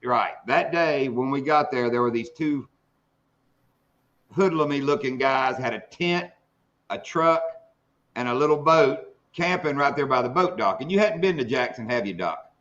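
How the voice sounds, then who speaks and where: A fishing live stream host, medium-pitched and a bit bright, tells hunting stories at normal speed in an animated, drawling, salty way. It's casual storytelling, heard through dull lo-fi audio.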